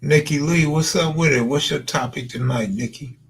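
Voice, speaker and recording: A man's voice: on the high side, moderate pace, creaky, breathy edge. A man chatting loosely on a late-night live stream, answering viewers in slangy, laid-back talk that trails into mumbles.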